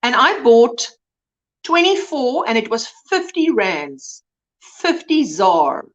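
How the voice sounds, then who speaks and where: A woman's voice: on the high side, very animated, slow, fairly bright tone, highs cut off. A woman hosting a casual livestream, chatting and greeting viewers by name with frequent exclamations. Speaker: livestream host. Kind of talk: casual chat reading comments.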